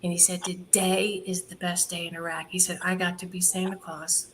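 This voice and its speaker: A woman in an interview telling her charity's story in an animated way, laughing often and quoting what others said. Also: lowish voice, moderate pace, slight background noise. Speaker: charity founder guest.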